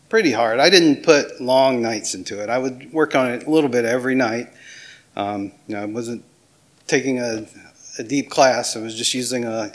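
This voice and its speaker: Middle-aged male pastor, Southern accent, relaxed conversational sermon, ordinary pitch. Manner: casual, self-deprecating, with small laughs and restarts.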